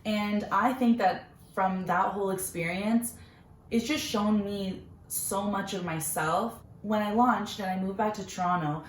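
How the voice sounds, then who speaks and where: A woman's voice: medium pitch, steady tone, a little slow. A young woman chatting casually and earnestly about her own story, with many fillers. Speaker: vlogger, small business owner. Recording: roomy echo, faint background noise.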